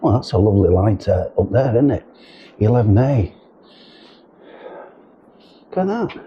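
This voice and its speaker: A man's voice: on the low side, brisk, husky. A middle-aged man, chatting casually and jokingly as he walks and films through windy outdoor steps and narrow yards. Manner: chatty, jokey, rambling with ums. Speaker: vlogger. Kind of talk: casual walking vlog. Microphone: camera mic with windshield.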